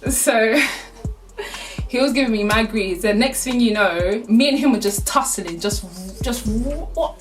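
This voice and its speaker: A woman's voice: a little high, slow pace, faint music behind. A young woman telling a casual storytime, full of slang and swearing, with laughs through the telling. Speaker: vlogger.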